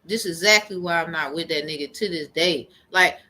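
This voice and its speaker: A woman's voice: lowish voice, fairly quick, pushed and bright. A woman telling a rambling, profane story in a heated personal rant to camera. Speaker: vlogger.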